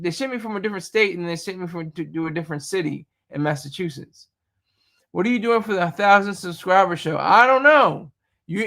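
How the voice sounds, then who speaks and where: A man's voice: high voice, bright, forceful tone. A man streaming live, chatting casually and rambling, often repeating words as he reacts to chat. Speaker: YouTube streamer.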